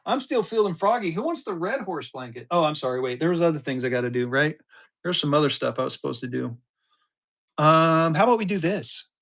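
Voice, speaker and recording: A man's voice: fairly high pitch, lively intonation, fairly quick, fairly bright tone. A man in his fifties running a live-stream auction, with chatty, upbeat patter that hypes the bids. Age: 50s.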